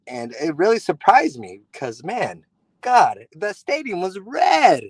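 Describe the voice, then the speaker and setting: A man calling in to a sports show, talking in an earnest, excitable way and repeating himself for emphasis. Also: on the high side, a little slow, dry recording, poor audio. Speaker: caller, football fan. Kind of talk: call-in conversation.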